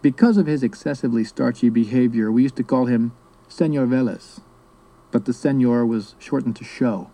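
A man from South America reading his memoir aloud in a steady, measured storytelling manner. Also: mid-range voice, poor audio. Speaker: narrator.

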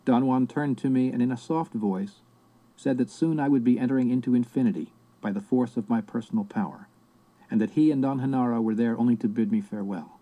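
A man narrating a book in the first person in a measured, reflective way. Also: mid-range voice, warm tone, poor audio. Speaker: audiobook narrator.

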